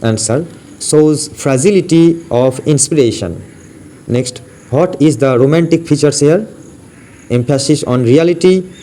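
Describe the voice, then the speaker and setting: Indian English man drilling quiz answers. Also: medium pitch. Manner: drills in a steady question-then-answer rhythm, repeating each answer. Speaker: English teacher. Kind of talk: exam-prep question and answer lesson. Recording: faint background noise.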